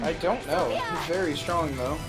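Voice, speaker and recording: A man's voice: a little high, moderate pace, loud music behind the voice. A man streaming a game, chatting in a joking, laid-back way with frequent swearing. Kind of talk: casual gaming chat.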